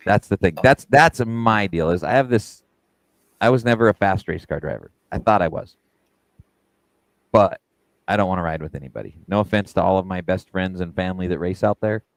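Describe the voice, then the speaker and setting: A man's voice: deep voice, a little fast, no echo. Joking man in a dry-sounding room. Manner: laughing, joking. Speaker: podcast co-host. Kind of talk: casual chat.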